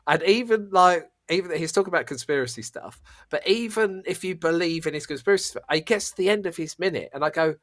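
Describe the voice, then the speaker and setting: A man's voice: a little high, fast, hardly any pauses, a bit bright, no room sound, studio quality. A man co-hosting a podcast over a video call, chatting casually and laughing easily. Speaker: podcast co-host. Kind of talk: casual chat.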